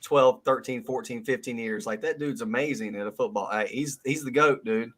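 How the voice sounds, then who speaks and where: A man from North Carolina with a Southern accent, talking on a casual live stream at a middle pitch. He is easygoing and restarts his sentences often. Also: moderate pace, a bit bright.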